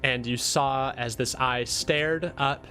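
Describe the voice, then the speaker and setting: A man narrating a tabletop game as dungeon master, halting with fillers. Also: medium pitch, fairly even intonation, sharp tone, slight background noise.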